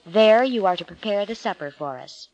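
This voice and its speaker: A woman reading the lines of a gentle, solemn male teacher in a storybook Bible tale, in a measured and calm way. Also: medium pitch, no echo, dull audio, faint music behind, close to an everyday voice.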